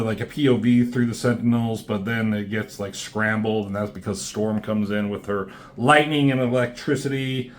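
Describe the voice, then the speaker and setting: A man's voice: on the low side, a little hiss or hum. Rambling, foul-mouthed man reviewing comics. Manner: rambling, profane, many fillers and restarts. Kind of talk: casual commentary on comic pages.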